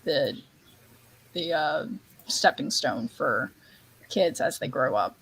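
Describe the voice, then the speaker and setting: A woman's voice: rumbling low, expressive, slow, gravelly, a bit bright, husky, poor audio. A woman hosting a casual book club podcast, talking animatedly and quoting movie lines.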